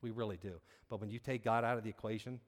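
A man's voice: lowish voice, fairly even intonation, quick pace. Earnest man preaching in an echoing hall. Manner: earnest, conversational storytelling with many restarts. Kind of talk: sermon with a personal story. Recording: long reverb of a large hall.

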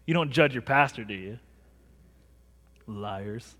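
Man in his thirties, pastor in a church, casual joking sermon, higher voice, long reverb. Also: fairly quick, background noise. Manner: conversational storytelling preacher, self-mocking humor. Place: large church sanctuary.

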